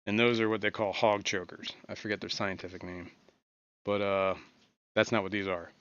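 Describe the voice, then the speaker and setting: Low-voiced man rambling on a livestream. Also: flat delivery, normal speed, a bit bright, smooth, no echo, lo-fi sound. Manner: rambling, muttered asides, many fillers. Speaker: livestream host. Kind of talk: casual livestream chat. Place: home fish room.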